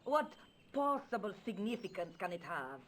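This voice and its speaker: An actress voicing a proud, formal countess in a video game, with an imperious, dramatic manner. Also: female voice, mid-range voice, very animated, normal speed, fairly bright tone, a little hiss or hum. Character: proud Spanish countess, haughty, bitter, later hopeful.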